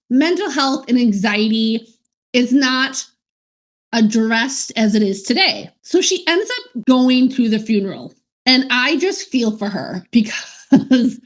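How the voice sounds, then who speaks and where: A woman co-hosts a casual podcast, recapping an old sitcom with frequent laughs. Her voice sits a little higher than most. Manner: chatty, laughs often. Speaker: podcast co-host.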